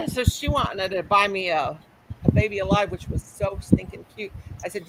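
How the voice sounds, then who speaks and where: A woman's voice: medium pitch, moderate pace. Lady rambling on a crochet livestream, voice bouncing up and down, noisy mic. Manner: animated storyteller, quotes people with Southern-style grammar. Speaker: crochet channel host. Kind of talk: casual live-stream chat. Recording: noisy home live stream.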